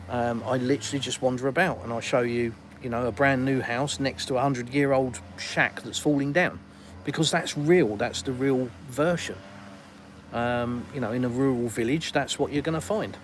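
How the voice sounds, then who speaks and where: A man's voice: medium pitch, normal speed, slight background noise, rough recording. An English man hosting a casual live stream outdoors in a garden, rambling and colloquial as he reads viewers' comments aloud. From England.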